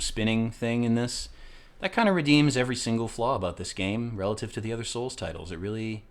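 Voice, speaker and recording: A man hosting a let's play, rambling through casual, profane gameplay commentary with excitable outbursts. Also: lowish voice, a little fast.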